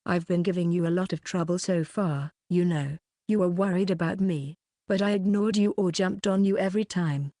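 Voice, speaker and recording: A woman's voice: fairly low pitch, normal speed, warm tone, no room sound, studio quality, natural voice. A woman voicing a remorseful young man who apologizes earnestly in an audiobook.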